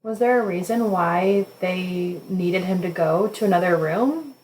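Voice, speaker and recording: A woman hosting a podcast, answering her guest with soft, sympathetic short replies. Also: lowish voice, unhurried, a little hiss or hum, low-quality recording. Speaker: podcast host. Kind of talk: interviewing a guest.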